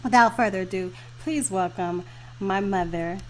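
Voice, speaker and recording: A woman in her thirties hosting a virtual launch party over a video call, effusive and quick to laugh and get emotional. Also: medium pitch, slight background noise. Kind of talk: casual live video chat.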